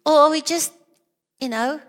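A woman's voice: high voice, moderate pace, a bit bright, long reverb tail. A woman preaching a sermon, earnest and questioning, with many repeated rhetorical questions.

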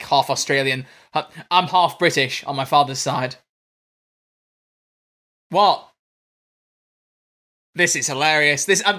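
A young man with a faint Scouse accent, co-hosting a casual fan podcast in an excitable, teasing way. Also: sits high. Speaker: podcast co-host.

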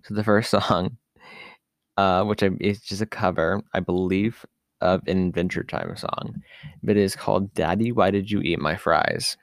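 A man's voice: low voice, fairly even intonation, normal speed, no echo. A man hosting a podcast on his own, talking in a casual, rambling way with lots of fillers and asides. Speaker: podcast host. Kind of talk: casual solo podcast talk.

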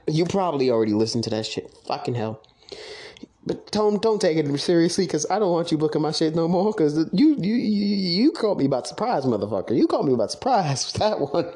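A young man telling stories from his own past in a casual, profane, excitable monologue. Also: a little high, normal speed. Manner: profane, excitable, quotes others in animated voices. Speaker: podcast host recounting his online wrestling league career.

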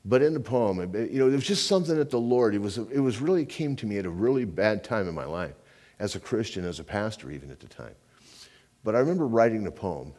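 A man preaching a sermon as pastor, in a loose, conversational way, often tossing in "man" and "you know," swinging between loud emphasis and quiet, intense moments. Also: lowish voice, very animated, fast talker.

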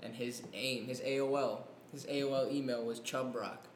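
A man's voice: medium pitch, steady tone, normal speed. A young man, a bit drunk, telling a rambling story in casual chat, swearing and laughing often. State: tipsy. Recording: echoey room, faint noise.

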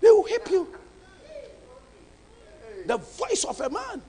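Male pastor; high, animated delivery; emphatic, hushed to shouting. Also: slow, big-room sound. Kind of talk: sermon.

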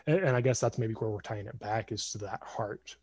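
A man in his twenties telling a family story casually on a podcast, animated and acting out voices. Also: fairly low pitch, brisk, dry recording. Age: 20s.

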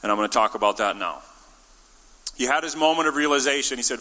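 A man's voice: mid-range voice, lively intonation, fast, long pauses, sharp tone. Man preaching casually in a reverberant hall. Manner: casual and jokey, acts out quotes. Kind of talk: conversational sermon. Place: church.

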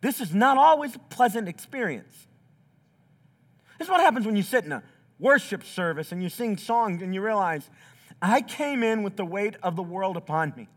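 Man, pastor, sermon, high voice, very animated delivery, acts out quotes. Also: normal speed. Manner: animated preaching, acts out quotes with big pitch swings. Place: church sanctuary.

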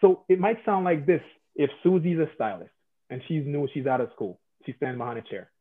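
A man from Jamaica with light traces of a Jamaican accent, telling stories and giving advice in a relaxed talk, shifting between lively bursts and soft asides. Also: on the high side, a little fast. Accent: American with faint Jamaican traces. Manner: animated storyteller, drops to soft asides. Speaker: salon educator guest. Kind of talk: conversational podcast advice. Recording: phone-like narrow band.

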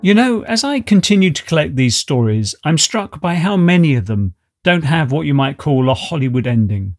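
A man's voice: a little high, very animated, normal speed. A man hosting a story podcast, narrating in a conversational, inviting way. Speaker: podcast host. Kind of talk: scripted narration.

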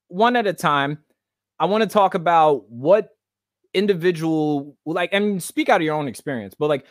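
Animated young man hosting a video chat. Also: on the high side, dry recording, studio quality. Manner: animated, slangy, hyped talk. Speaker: podcast host. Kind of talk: casual chat.

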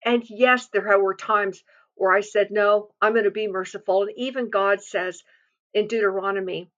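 A woman's voice: medium pitch, fairly even intonation, moderate pace, fairly bright tone, highs cut off. A woman giving an earnest, confiding devotional sermon, reading scripture and speaking from personal experience with frequent restarts.

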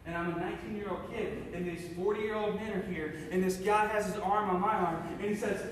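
High-voiced man telling his testimony. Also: steady tone, brisk, a little hiss or hum. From Cincinnati, USA. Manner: intense storytelling, swinging between loud and hushed. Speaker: speaker sharing his testimony. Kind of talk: personal testimony to an audience. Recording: echoey hall, mic from far off.

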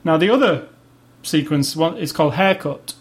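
A man's voice: on the high side, lively intonation, normal speed. A man co-hosting a casual movie podcast, enthusiastic and rambling, often restarting his sentences. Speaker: podcast co-host. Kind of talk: casual chat about movies.

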